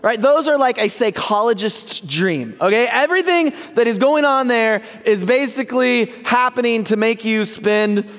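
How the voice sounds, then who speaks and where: A man's voice: extremely high pitch, animated, normal speed, hardly any pauses, a bit bright. A male pastor giving a casual, joking sermon, often checking in with the congregation. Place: church sanctuary. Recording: long church hall reverb.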